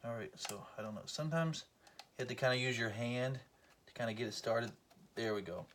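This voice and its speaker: A man's voice: medium pitch, fairly quick, fairly bright tone, slight background noise. A man giving a casual, joking how-to tutorial, talking to the camera while he works. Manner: joking, self-deprecating, talks while working. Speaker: collector demonstrating belt cleaning.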